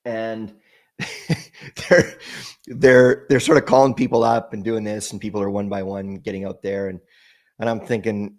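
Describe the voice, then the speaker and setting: A man with a fairly low voice, speaking as a guest in an interview. He tells a heartfelt personal story in a halting way, often restarting and repeating words as he gathers his thoughts. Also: little pitch movement. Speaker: podcast guest.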